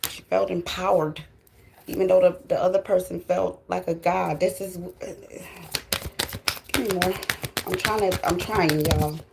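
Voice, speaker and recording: A woman's voice: lowish voice, steady tone, a little slow, gravelly, pauses often, a little mellow, slight background noise. A woman giving a spiritual tarot reading, emotional and fighting back tears while she talks casually to her viewers. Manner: addresses viewers directly and casually. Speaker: tarot reader.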